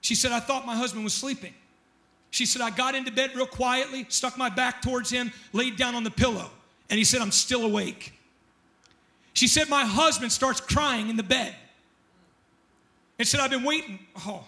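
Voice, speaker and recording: A middle-aged male pastor preaching in church, telling stories in an animated, joking way and rising into loud prayer. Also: very high-pitched, moderate pace, pauses often. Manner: animated, joking storyteller who shouts at peaks. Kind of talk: sermon with storytelling and prayer.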